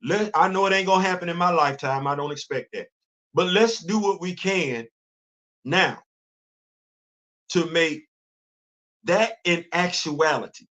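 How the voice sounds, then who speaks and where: A man's voice: fairly high pitch, a little slow, long pauses, a bit bright. A middle-aged man hosting a livestream, talking fervently and colloquially in a preachy tone as he answers his live chat. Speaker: livestream host. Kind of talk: impassioned livestream commentary.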